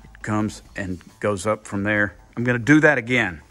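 A man's voice: lowish voice, moderate pace, pushed and bright, faint music behind. An older man thinking aloud in a casual workshop vlog, rambling and repeating himself as he works. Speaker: car builder, channel host.

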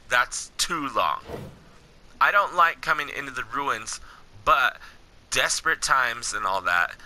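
A man's voice: mid-range voice, pushed and bright, pitched below the performer's own voice, full character voice, poor audio. A man reading a tired male wanderer's game narration in his own voice.

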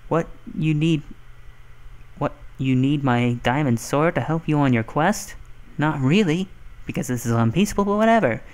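A man's voice: on the high side, normal speed, darkish tone, clear, resonant tone, close to an everyday voice. A man voicing a male Christmas elf who hands out quests, in a bungled foreign accent and a mock-formal reading tone. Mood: bargaining.

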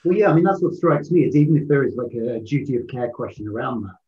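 A man from Britain, a journalist asking questions in an interview, quick with hesitant restarts. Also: medium pitch, expressive, mellow, echoey room, muffled recording. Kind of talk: interview conversation.

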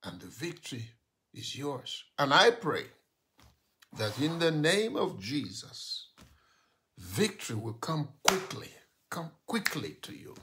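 A male pastor preaching a sermon, exhorting with repeated commands, shouting at times and dropping to a hush. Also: fairly high pitch, big pitch swings, takes it slowly, slight background noise. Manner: exhorting, repetitive commands, shouting then hushed.

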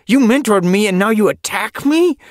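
A man's voice: sits high, animated, moderate pace, no room sound, clean studio sound, voice pushed up. A man voicing a young tom cat warrior in an audiobook, urgent and indignant. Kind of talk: audiobook character voice.

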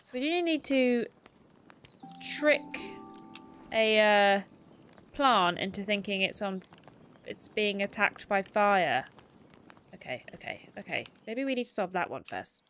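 A woman's voice: medium pitch, expressive, slow, long pauses, fairly bright tone, a little hiss or hum. A woman streaming a game, chatting casually, self-mocking and reading game text aloud. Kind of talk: casual gameplay commentary.

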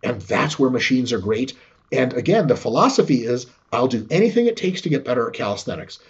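A man talking as a guest expert in a casual, profane, animated way, acting out quotes as he explains. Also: medium pitch, a little fast, slightly rough. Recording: dull lo-fi sound.

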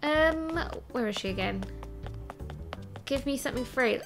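A woman chatting playfully while she plays a game and thinks out loud, with game music behind. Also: high voice, lively intonation, measured pace, long pauses. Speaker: let's play host. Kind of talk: casual gameplay commentary.

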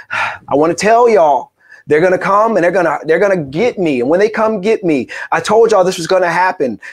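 A male pastor preaching with a high, lifted voice. He tells stories with animation and acts out each quoted voice. He sounds like he is speaking from a church pulpit. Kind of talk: sermon.

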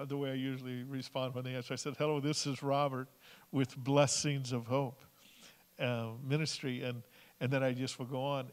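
A man sharing stories in a church service in an earnest way, retelling phone calls and what people said to him. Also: mid-range voice. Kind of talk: storytelling sermon. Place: church sanctuary. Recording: long hall reverb.

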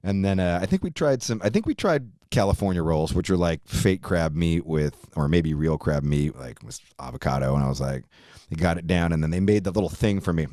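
A middle-aged man from Virginia, USA, appears as a podcast guest, telling a rambling, profane story and laughing often. His deep, mellow voice is animated and brisk, and the studio-quality recording has no echo.

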